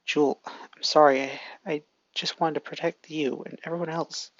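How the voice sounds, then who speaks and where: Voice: medium pitch, fairly even intonation, normal speed, no echo, highs cut off, lightly acted. A fan storyteller voicing an earnest, shy teenage boy hero who stammers at times, in a fan audio story.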